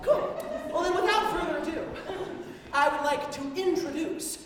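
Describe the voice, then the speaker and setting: A young woman hosting a live improv comedy show on a large stage, bubbly and laughing as she calls out cues, filmed from far off in an echoey hall with a loud crowd. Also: very high-pitched, normal speed. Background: audience crowd and noise.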